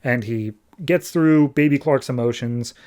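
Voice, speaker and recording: Chatty podcast host, medium pitch, casual comic recap. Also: male voice, a little slow, darkish tone. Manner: chatty, conversational.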